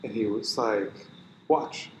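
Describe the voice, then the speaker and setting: A man co-hosting a casual podcast, telling an animated story and quoting his buddy. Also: on the low side, slow pace. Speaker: podcast co-host. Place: gym room. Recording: echoey room with faint noise.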